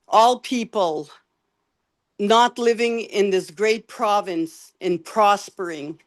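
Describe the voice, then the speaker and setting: An older woman, a candidate giving an emotional, halting closing statement over a video call, often repeating words. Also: mid-range voice. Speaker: election candidate.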